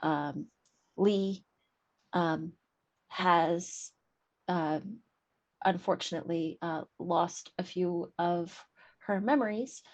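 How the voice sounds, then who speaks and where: A woman speaking in character at a tabletop game, slow and halting with many ums. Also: on the low side, lo-fi sound. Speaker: player.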